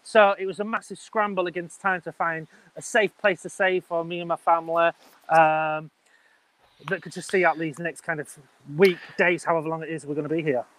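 A man's voice: a little high, a little fast, no echo, low-quality recording. A man in his thirties with an English accent, a wedding business owner telling his story in an interview in a chatty, rambling way. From England. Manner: chatty, animated, rambling with restarts.

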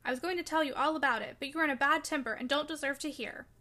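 A spoiled, imperious girl of thirteen, as a woman puts her on, petulant and quick to take offence. The voice sits high and bright, with a sharp, ringing edge. She gives orders as if everyone should jump to obey her. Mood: indignant. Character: spoiled willful thirteen-year-old girl.

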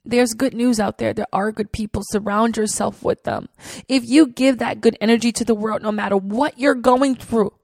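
A woman's voice: fairly high pitch, fairly even intonation, moderate pace, gravelly, darkish tone, no room sound. A woman hosting a podcast, telling a heartfelt personal story in an earnest way, with many fillers and repeated phrases, on a close mic. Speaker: podcast host.

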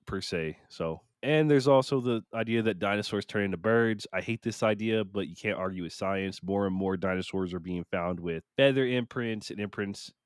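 A man's voice: lowish voice, moderate pace, hardly any pauses, smooth, no room sound, studio quality. Rambling self-mocking man. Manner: rambling, self-mocking, acts out what he told himself. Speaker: podcast co-host. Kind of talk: casual podcast chat.

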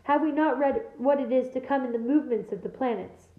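A woman's voice: high-pitched, a little fast, echoey room, phone-quality sound, natural voice. Woman doing a scornful, thundering centaur. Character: angry proud male centaur.

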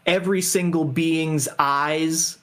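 A man in casual group chat, animated and speculative, often checking in with "right?". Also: a little high, slow.

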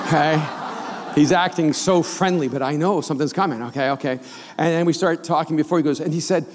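A middle-aged man preaching a sermon as a pastor, telling a story with animated delivery and acting out the voices of the people in it. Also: on the high side. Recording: long reverb of a large hall.

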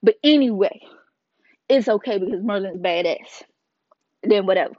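A woman's voice: medium pitch, no room sound. Slangy woman reviewing manga. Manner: slangy and playful, retells scenes with quick asides. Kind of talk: casual video review. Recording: dull lo-fi dry sound.

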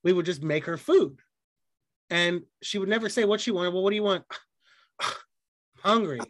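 A man co-hosting a podcast, telling profane, animated stories in casual chat and acting out the people he quotes. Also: high voice, moderate pace, no room sound. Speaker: podcast co-host.

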